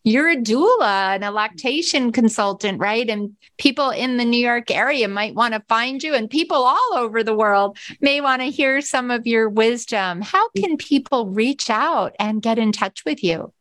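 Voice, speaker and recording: A woman hosting a podcast interview speaks in an affirming, encouraging way. Her voice sits a little higher than most, and she steers the conversation toward its close. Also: expressive, normal speed, hardly any pauses, fairly bright tone. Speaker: podcast host.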